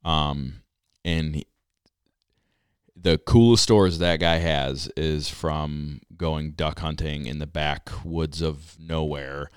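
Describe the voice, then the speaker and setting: A man's voice: a bass voice, fairly even intonation, slow pace, smooth, no room sound, studio quality. A man co-hosting a podcast in easygoing casual chat, laughing as he talks. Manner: easygoing, laughs while talking. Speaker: podcast co-host.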